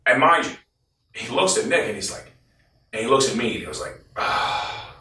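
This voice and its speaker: A bit slow and mid-range in pitch, this ex-team member gives a blunt, curse-heavy account in an interview, acting out others' words with quoted voices. The mic is distant, picking up a roomy echo.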